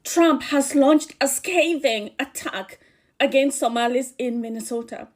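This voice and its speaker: A woman's voice: high voice, unhurried, a little mellow. A woman with a Kikuyu accent delivering earnest political commentary as a channel host. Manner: earnest, warning.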